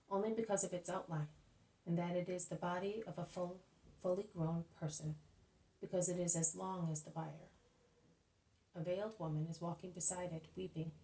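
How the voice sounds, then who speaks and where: A woman narrating a religious text in an earnest, steady reading voice. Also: fairly low pitch, far from the mic, rough recording.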